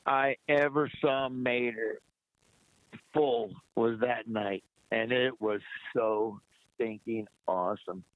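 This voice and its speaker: A lively male storyteller comes through a thin, phone-like line with no room sound at all. He sits mid-range in pitch and spins backstage tales, switching into voices for the people he quotes. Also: dry recording. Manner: lively anecdote teller who acts out quotes. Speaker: guest comedian. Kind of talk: casual interview storytelling. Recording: dry, tinny phone-like line.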